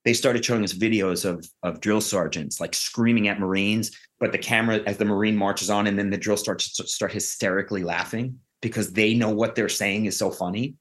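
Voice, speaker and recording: A man with a fairly low voice, swapping stories on a podcast. He talks in an animated, profane, freewheeling way and builds his anecdotes with plenty of energy. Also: fairly quick, hardly any pauses. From Queens, New York. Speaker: actor guest. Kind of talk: casual podcast storytelling.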